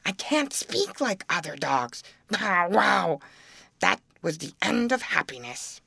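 A woman putting on a hoarse old yard dog. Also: fairly low pitch, sing-song, takes it slowly, sharp tone, dry recording, clean studio sound, full character voice. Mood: gruff. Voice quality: hoarse, barking. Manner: grumbly, wise-sounding storyteller.

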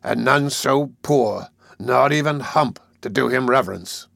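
A domineering sea captain, voiced by a male audiobook reader, speaks with sneering menace in a raised, carrying voice. The recording is dry and close. The threats come slow and deliberate. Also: medium pitch, gravelly, a bit bright, no room sound. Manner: threatening, sardonic. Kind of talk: audiobook character voice.

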